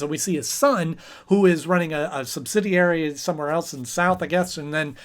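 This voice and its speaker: A man's voice: a little high, brisk, few pauses. A man hosting his channel, chatting casually in a rambling way with lots of fillers. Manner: chatty, rambling with fillers, briefly acting out characters. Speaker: host and episode reviewer. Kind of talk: casual chat review.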